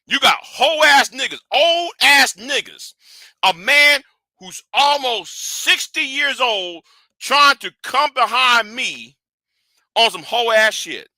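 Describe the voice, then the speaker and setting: A man hosting a livestream, scolding and animated in a profane rant that swings from shouting to hushed. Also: very high voice, slow, no room sound. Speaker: livestream host.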